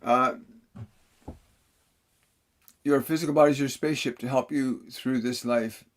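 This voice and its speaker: A man of middling pitch hosts a live channeling session. He speaks earnestly and warmly to his viewers, repeating key phrases for emphasis and laughing softly between answers. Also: fairly even intonation, measured pace. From Canada. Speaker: spiritual medium.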